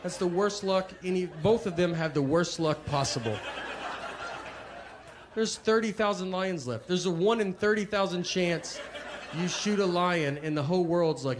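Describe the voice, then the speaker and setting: A man from Tennessee with a Southern accent, telling a stand-up comedy set in a laid-back, deadpan way with hesitant fillers. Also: high voice, moderate pace, background noise. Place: live comedy venue with audience. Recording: echoey live venue with audience laughter.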